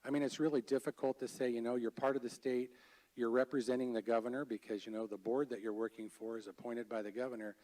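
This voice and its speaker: A man speaking at a public board meeting, a little distant from the microphone. He talks in a halting, earnest way, restarting his sentences as he goes. His pitch sits in an ordinary middle range. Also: steady tone, warm tone. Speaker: county fair manager. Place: state board meeting room. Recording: voice a bit far from the mic.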